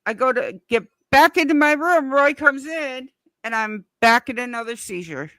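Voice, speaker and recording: A woman tells a rambling story on a live stream in a bright, close, dry voice. She speaks casually and swears now and then. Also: high voice, lively intonation, moderate pace, dry recording. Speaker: stream guest.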